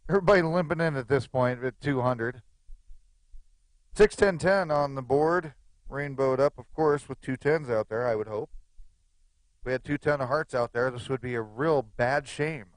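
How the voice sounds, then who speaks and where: A man's voice: medium pitch, normal speed, no room sound. A man giving live, chatty play-by-play commentary on a poker game, with joking asides.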